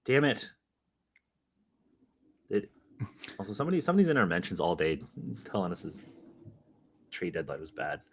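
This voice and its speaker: Excitable joking man co-hosting a podcast. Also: low-pitched, normal speed, long pauses, breathy edge. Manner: joking, excitable, swears casually. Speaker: podcast co-host. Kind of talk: casual live-stream podcast chat.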